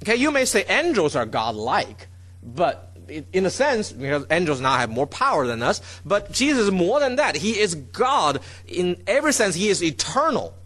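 Male Bible teacher, slightly higher voice, lively pitch, stresses key words, keeps checking in with the listeners. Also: moderate pace, breathy edge.

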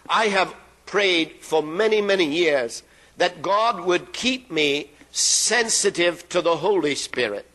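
A man's voice: sits high, expressive, a bit bright, low-quality recording. A man preaching a sermon in an emphatic way, drawing out phrases and letting them fall at the ends. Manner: emphatic, drawn-out phrases with falling endings.

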